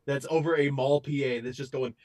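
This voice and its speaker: A man's voice: mid-range voice, steady tone, brisk, darkish tone. A man, a freelance voice actor, chatting casually and upbeat from a blanket-lined home booth. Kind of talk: casual chat.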